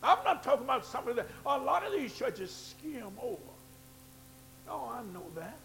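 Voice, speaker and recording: A man preaching in church with a very high, gravelly voice. He drops into low asides, then builds to shouted, fervent climaxes. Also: big pitch swings, normal speed, a little hiss or hum. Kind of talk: sermon.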